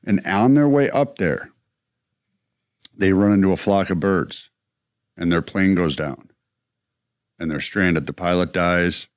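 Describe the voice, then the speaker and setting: Low-voiced man telling a rambling story. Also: measured pace, pauses often, clear, resonant tone, no echo, studio quality. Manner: rambling storyteller, acts out movie lines. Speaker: co-host. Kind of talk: casual chat.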